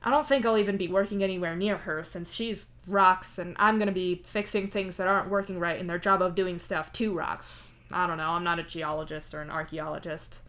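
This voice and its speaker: A woman's voice: on the low side, steady tone, fairly quick, few pauses, fairly bright tone, close to an everyday voice. A woman voicing a sore, whiny male troll who complains dramatically. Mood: explaining. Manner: whining, exaggerated grumbling.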